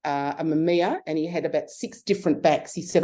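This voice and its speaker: Lively Australian woman telling stories. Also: low voice, a little fast. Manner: lively, animated anecdote telling with frequent restarts. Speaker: guest, photography consultant. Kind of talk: casual storytelling interview.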